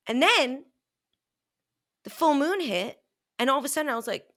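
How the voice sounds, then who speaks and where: A woman's voice: fairly high pitch, expressive, moderate pace, fairly bright tone. A woman co-hosting a podcast, chatting casually and telling stories with lots of energy, acting out her own quotes and swearing freely. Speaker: podcast co-host. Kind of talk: casual chat.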